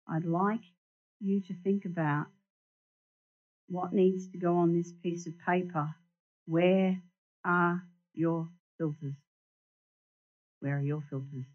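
A woman giving an animated sermon in a church, asking the congregation questions and showing them props. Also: fairly low pitch. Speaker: church speaker. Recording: dull lo-fi recording.

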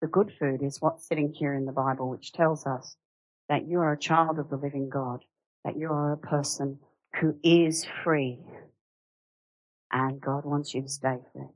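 Low-voiced woman preaching a lively sermon. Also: moderate pace, dry recording, rough recording. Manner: conversational, animated, with rhetorical questions.

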